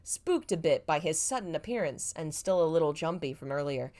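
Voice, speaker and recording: A woman's voice: low voice, expressive, a little fast, darkish tone. A woman reading her old fanfiction aloud live and making joking asides about it. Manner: self-mocking, laughs at her own writing.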